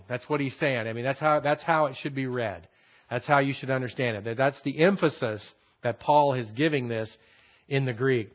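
A man teaching a Bible passage verse by verse, stressing key phrases and repeating them slowly for emphasis. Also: medium pitch. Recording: dull lo-fi recording.

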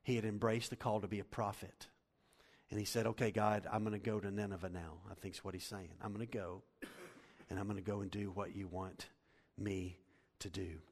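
A middle-aged male pastor preaching a sermon, animated, swinging from loud to hushed. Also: lowish voice, fairly quick. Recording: long hall reverb.

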